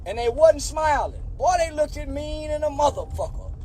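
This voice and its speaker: In a played clip, a high-voiced man tells an animated story, drawling and cursing as he slips into other people's voices for the dialogue. He's expressive, with a dark tone and a moderate pace.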